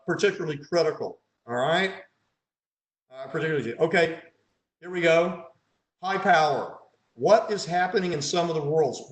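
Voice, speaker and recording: A male pathologist with a slightly high voice teaches over slides and keeps quizzing his audience. He thinks aloud, throws in dry, sarcastic asides and hints at answers. His voice carries a roomy echo. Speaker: pathologist leading a case conference.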